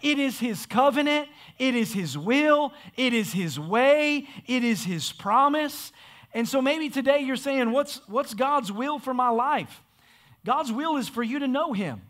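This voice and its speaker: A man's voice: extremely high pitch, lively intonation, a little slow, a bit bright. A man preaching a sermon in a church, emphatic and repetitive. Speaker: pastor. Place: church sanctuary.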